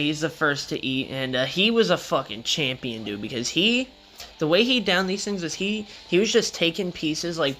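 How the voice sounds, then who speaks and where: A man's voice: fairly high pitch, sharp tone. A young man casually telling a rambling story in a vlog, with loose slangy talk and frequent swearing.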